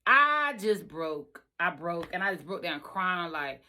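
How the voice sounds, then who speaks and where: A woman with a fairly low-pitched, sharp-toned voice speaks a little slowly as she tells her own true story. Emphatic, she addresses her listeners directly in a personal storytelling vlog.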